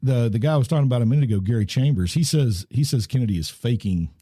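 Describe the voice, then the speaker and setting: A man's voice: mid-range voice, lively intonation, fast, dark tone, dry recording, studio quality. A man, co-hosting a casual podcast chat about politics, wry and rambling with frequent restarts. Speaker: podcast co-host.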